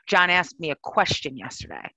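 A woman's voice: low-pitched, huge pitch swings, normal speed, bright, forceful tone, husky, no echo, rough recording. A woman co-hosting a casual chat, telling stories animatedly and acting out her own reactions.

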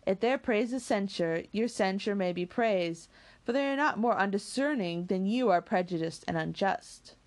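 A woman voicing a calm, sensible young woman who speaks softly and reasons carefully. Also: mid-range voice, lightly acted. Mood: reasoning. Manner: measured, soft, reasoning.

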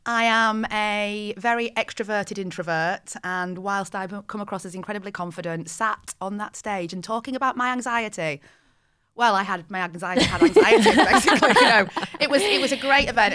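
A woman chatting as a podcast guest, candid and quick to laugh at herself. Her voice is bright and forward, with a crisp edge. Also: mid-range voice, expressive. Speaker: travel business founder, guest. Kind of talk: casual podcast chat.

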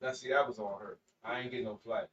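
A man's voice: mid-range voice, steady tone, fast talker, a crowd in the background. A man bantering on a podcast, teasing and laid-back, sometimes mumbling. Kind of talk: casual banter. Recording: muffled, distant mic.

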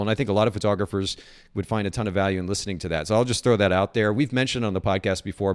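A man hosting a podcast, chatting enthusiastically and often restarting his sentences. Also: on the low side. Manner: fast, enthusiastic, repeats words and restarts. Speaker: podcast host. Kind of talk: casual interview chat.

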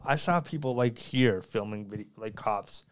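A man in casual podcast chat, agreeable and quick with short reactions, sometimes swearing. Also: on the low side, a little hiss or hum.

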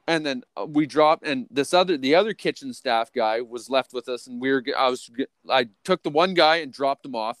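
A man co-hosting a podcast, telling a long story in a profane, rambling, excitable way. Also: fairly high pitch, no echo. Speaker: podcast co-host. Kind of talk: casual storytelling.

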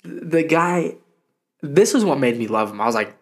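A young man co-hosting a podcast in loose, casual chat. He swears freely and tells stories with animated energy, at a mid-range pitch. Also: a little fast. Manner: profane, animated storytelling. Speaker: podcast co-host.

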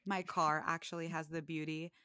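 Podcast host, young woman, slightly low, chatty storyteller, dry close mic. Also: normal speed, no room sound. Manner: chatty, full of "like", animated when quoting others. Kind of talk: casual storytelling chat.

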